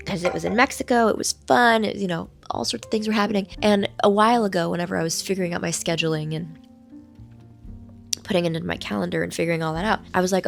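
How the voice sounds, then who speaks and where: A woman hosting a casual vlog from a hotel room, her voice hoarse while it recovers, chatting in a playful, rambling, self-mocking way. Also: medium pitch, brisk, faint music behind. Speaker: vlog host. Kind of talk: casual chat to camera.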